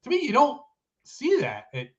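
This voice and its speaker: A man from the United States co-hosting a casual chat show, thinking out loud with many fillers. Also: very high-pitched, wildly swooping pitch, normal speed, highs cut off. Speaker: co-host.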